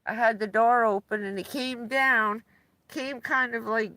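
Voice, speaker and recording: Slow, chatty woman who laughs a lot. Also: fairly high pitch, fairly even intonation, pushed and bright, dry recording. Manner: laughs often while telling stories. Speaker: livestreamer. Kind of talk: casual livestream chat. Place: inside a van.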